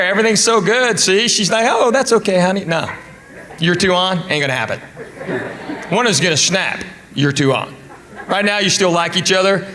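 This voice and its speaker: A middle-aged man performing a stand-up comedy routine, telling stories in a drawling, conversational way with asides to the crowd. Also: sits high. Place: comedy club stage with a live audience. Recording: live club recording with audience noise.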